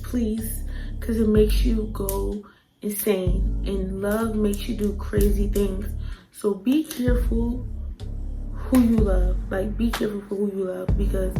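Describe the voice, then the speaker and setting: A young woman tells a storytime vlog with blunt, profane energy and acts out every quoted outburst. Her pitch sits in the middle range. Music plays clearly underneath her voice. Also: rough recording. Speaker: vlogger.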